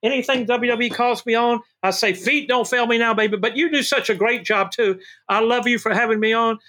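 An older man, a guest telling wrestling stories in an excitable, animated way. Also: extremely high pitch, a little fast. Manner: excitable, shouts "woo", calls people baby and brother. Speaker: guest, former wrestling manager. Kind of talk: animated storytelling interview.

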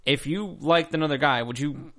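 A man's voice: on the high side, moderate pace, a bit bright. A man on a TV recap panel who talks things through with hesitant restarts. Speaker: show panelist. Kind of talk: casual TV recap chat.

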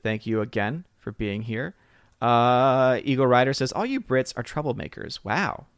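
A man's voice: medium pitch, animated, normal speed, clear, resonant tone, dry recording, studio quality. A man hosting a casual live stream, greeting viewers by name and reading chat comments. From southern United States. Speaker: livestream host.

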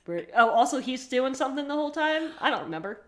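A woman's voice: high voice, very animated, a bit bright. A young woman co-hosting a podcast in casual chat, joking and laughing as she riffs. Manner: playful, riffs with jokes and quick laughs. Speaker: podcast co-host.

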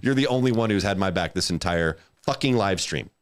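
A young man hosting a casual livestream, talking fast with a lively, animated pitch. He jokes with his guests and reads out viewer comments. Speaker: livestream host. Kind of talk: casual chat.

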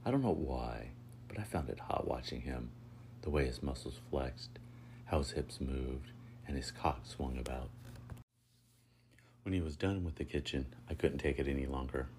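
Man with an extremely deep voice. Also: slight background noise. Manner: steady, unhurried first-person reading. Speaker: narrator. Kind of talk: reading a story aloud.

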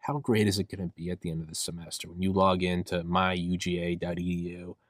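Young male podcast host, deep voice, loose profane rambling, dead dry sound. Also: little pitch movement, fast talker, no echo. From United States. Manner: rambling, profane, acts out his own inner voice. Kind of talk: solo podcast rant.

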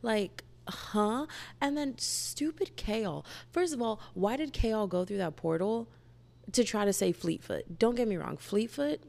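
A woman's voice: mid-range voice, lively intonation, normal speed, vocal fry, darkish tone. A young woman chatting casually and animatedly as a book vlogger, gushing and rambling with lots of "like". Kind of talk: casual book review chat.

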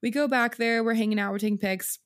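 A woman's voice: a little high, fairly even intonation, fast. A young woman co-hosting a podcast, telling a story in casual chat with frequent laughs. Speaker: podcast co-host.

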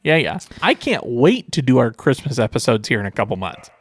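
A man's voice: medium pitch, fairly quick, husky, no echo, clean studio sound. A man co-hosting a podcast in casual chat, eagerly quoting scenes and agreeing often. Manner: enthusiastic, quotes scenes in animated voices. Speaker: podcast co-host.

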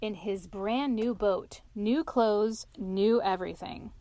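A woman's voice: medium pitch, slow pace, dark tone, dry recording, close to an everyday voice. A woman voicing a bluff, jolly male otter in a storybook reading. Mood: hearty.

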